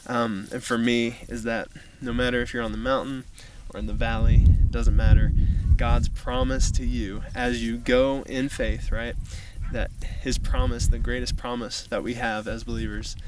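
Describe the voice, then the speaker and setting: A man preaching a relaxed outdoor sermon in a flat, even voice that stays level. He sits a little back from the camera mic, with faint noise around him. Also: medium pitch, recorded from a distance. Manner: casual, conversational preaching with fillers. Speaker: youth pastor. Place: outdoors on a mountaintop.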